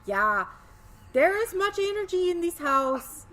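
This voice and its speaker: A woman putting on a mock Swedish accent to voice an elderly princess speaking loudly and earnestly. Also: very high voice, sing-song, measured pace, pitched above the performer's own voice, full character voice. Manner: loud, emphatic.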